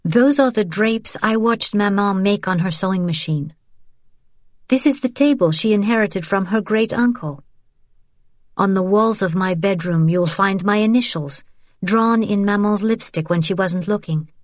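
A woman's voice: mid-range voice, measured pace, dry recording, clean studio sound, voice pushed up, natural voice. Woman voicing a headstrong young daughter. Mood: pleading. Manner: forceful, insistent, pressing. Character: defiant nineteen-year-old daughter, headstrong and sharp-tongued.

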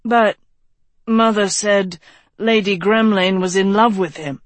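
An audiobook narrator voicing a young king who is impatient, stubborn and quick to take offense. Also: medium pitch, steady tone, a bit bright, dry recording, natural voice. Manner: impatient, insistent.

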